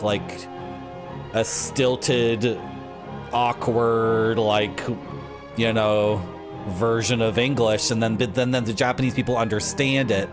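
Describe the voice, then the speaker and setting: A man streaming a game live, talking in a rambling, jokey way and drifting into tangents. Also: medium pitch. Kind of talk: live gameplay commentary. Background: game music.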